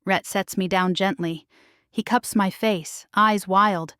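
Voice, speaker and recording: A woman narrates a first-person romance story slowly and dramatically, in a middle register. The voice is recorded dry and close, with nothing behind it. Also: mid-range voice, fairly even intonation, a bit bright, clear, resonant tone, no room sound.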